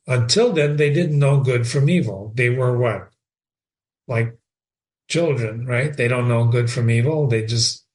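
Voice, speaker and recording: A man hosting a reading show, explaining a novel in a conversational teaching manner, with rhetorical questions and repeated words. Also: mid-range voice. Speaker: host and reader.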